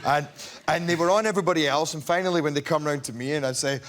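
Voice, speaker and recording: A man's voice: a little high, fast talker. A man who is an actor, telling a funny anecdote as a chat show guest and acting out the quotes. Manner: animated storyteller, acts out quotes.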